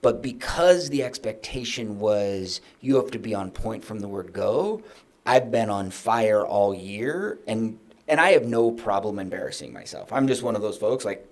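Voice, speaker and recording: A middle-aged man telling candid business stories as a podcast guest, acting out his own past conversations with lively emphasis. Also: fairly low pitch, moderate pace. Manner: animated, acts out his own past dialogue.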